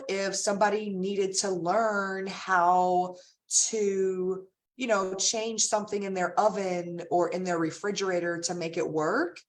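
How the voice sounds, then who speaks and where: A woman's voice: mid-range voice, recorded from a distance. Chatty woman vlogging, laughs a lot, lots of "you know", sounds a little off-mic. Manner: chatty and animated, laughs often, many fillers. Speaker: direct sales team leader. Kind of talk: casual vlog storytelling.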